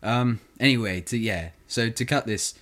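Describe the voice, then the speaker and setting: A man's voice: medium pitch, normal speed, a bit bright. A man co-hosting a podcast in casual chat, joking and opinionated. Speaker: podcast co-host.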